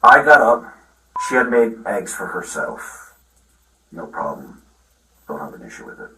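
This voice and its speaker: A middle-aged father telling the police a long, halting account with many restarts, recorded on a body camera. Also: low-pitched, sing-song, gravelly, pushed and bright, slight background noise. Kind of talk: recounting events in a conversation. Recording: roomy, from far off the mic.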